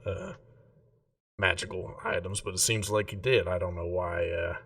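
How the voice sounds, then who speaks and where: A man voicing a loud, boisterous male gnome weaponsmith who haggles over a sword in a tabletop game. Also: moderate pace, far from the mic. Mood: haggling. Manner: booming, haggling, incredulous. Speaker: shopkeeper.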